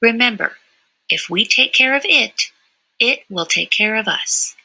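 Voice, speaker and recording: A woman reading a children's picture book aloud in a gentle read-aloud manner. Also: fairly high pitch, lively intonation, measured pace, vocal fry, husky, poor audio.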